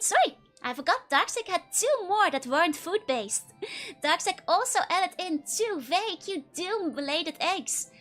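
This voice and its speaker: A young woman chats with her stream audience in a bright, high voice. She giggles all the time and teases her viewers playfully. Faint music plays quietly in the background. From Netherlands. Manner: giggly, laughs constantly, playful teasing. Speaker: VTuber streamer. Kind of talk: casual live-stream chat reading viewer messages.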